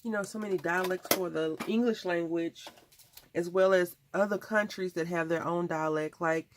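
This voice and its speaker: Chatting while she crafts, an American woman meanders through anecdotes for her channel. She speaks at a normal speed in a lowish voice with fairly even intonation, and there's a faint hiss or hum.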